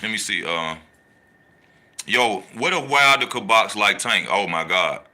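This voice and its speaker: A man hosting a casual boxing talk show, animated and slangy, repeating his points for emphasis while he reads the chat. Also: fairly low pitch, a little slow. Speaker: boxing channel host.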